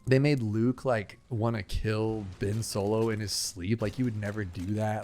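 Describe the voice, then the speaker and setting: A man's voice: lowish voice, steady tone, normal speed, few pauses, darkish tone, soft background music. A young man rambling casually while he plays and talks through a video game, full of fillers and asides. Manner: chatty, rambling, filler-heavy. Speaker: gaming channel host. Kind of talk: rambling casual gameplay chat.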